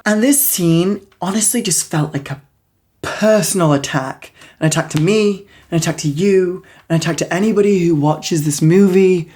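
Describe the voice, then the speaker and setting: A woman's voice: fairly low pitch, a little slow, darkish tone, faint music behind. A young woman giving a casual, sarcastic movie review vlog, mocking and swearing freely. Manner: snarky, mocking, peppered with swearing and "like".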